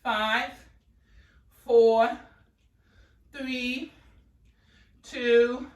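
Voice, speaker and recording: A woman's voice: on the high side, fairly even intonation, very slow. A woman fitness instructor coaching a workout class, upbeat and a little out of breath as she cues moves and counts down reps. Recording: echoey room, voice from far off.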